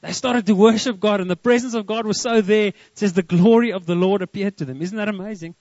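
A man preaches with a high voice, stopping often to put questions to his listeners. The recording is close and dry. It sounds a little muffled. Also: quick pace, no echo. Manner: lively, asks the congregation questions. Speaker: pastor. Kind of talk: sermon.

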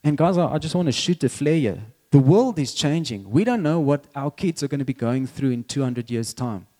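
A man's voice: medium pitch, animated, fairly quick, warm tone. A middle-aged man preaching a sermon as pastor, talking conversationally, repeating words and chuckling now and then.

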